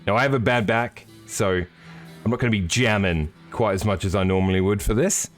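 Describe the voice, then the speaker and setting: A man with a fairly low voice hosts a sim racing live stream. He talks in a loose, rambling way, cracking jokes and greeting viewers. Faint music plays underneath. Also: a little fast. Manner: jokey, rambling, chatty with viewers. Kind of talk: casual live-stream commentary.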